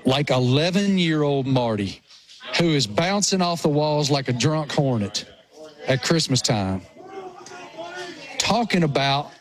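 A man from rural Appalachia with a thick Appalachian accent, co-hosting a radio show with animated, self-mocking storytelling. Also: a little high, a little slow, long pauses. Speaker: co-host. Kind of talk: casual radio show banter.

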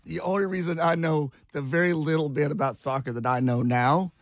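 A man's voice: fairly high pitch, fairly even intonation, a little fast, dry recording. A man co-hosting a morning radio show, easygoing, with rambling asides. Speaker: radio co-host. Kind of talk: casual on-air banter.

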